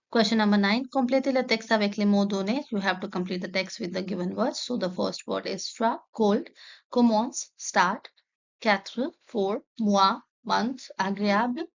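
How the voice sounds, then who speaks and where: Woman teaching French, gravelly. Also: mid-range voice. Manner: methodical, reads French then translates. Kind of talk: explaining a textbook lesson. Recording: dull lo-fi sound.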